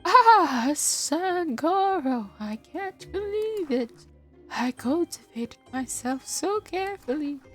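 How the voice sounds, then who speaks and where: Casting: a woman playing a boastful living food plant from a storybook game, pitched up high, pushy and salesy. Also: big pitch swings, slow, fairly bright tone, faint music behind, heavily acted. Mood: dismayed. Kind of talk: reading game dialogue aloud.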